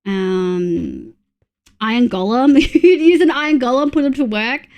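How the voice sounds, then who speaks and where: A woman's voice: on the high side, animated, measured pace, darkish tone. A woman from Australia streaming a game, counting items under her breath between chatty asides to her viewers. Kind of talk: casual gameplay chat with chat readers.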